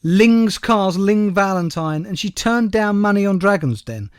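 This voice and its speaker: A man co-hosting a casual comedy podcast, dropping wry remarks and quick questions. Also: high-pitched, animated, smooth, dry recording, clean studio sound. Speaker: podcast co-host.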